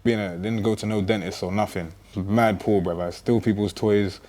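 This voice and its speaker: A man's voice: lowish voice, fairly even intonation, moderate pace, darkish tone, a little hiss or hum. A man chatting casually, telling stories in laid-back slang. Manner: laid-back slangy storytelling, tags lines with "bruv". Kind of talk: casual chat.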